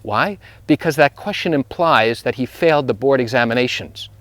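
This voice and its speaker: This personal injury lawyer's mid-range, fairly bright voice has lively intonation and a moderate pace, in a dry recording. Out on a neighborhood walk, he tells a story with emphasis, repeating phrases and building intensity as he recounts it.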